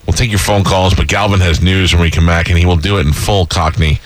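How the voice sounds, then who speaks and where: A man's voice: low voice, steady tone, quick pace, no echo. A man hosting a radio show, joking and teasing his co-hosts in casual banter.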